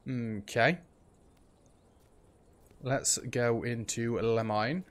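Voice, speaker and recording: A man's voice: medium pitch, fairly even intonation, drawn-out words. A man hosting a let's play, thinking aloud in casual gameplay commentary. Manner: chatty, thinks aloud while playing, frequent ums.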